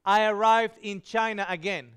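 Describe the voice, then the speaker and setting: A man preaching with a high, smooth and resonant voice, telling a personal story with animation. He acts out the people he quotes. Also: fairly even intonation, normal speed, a bit bright. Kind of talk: storytelling sermon.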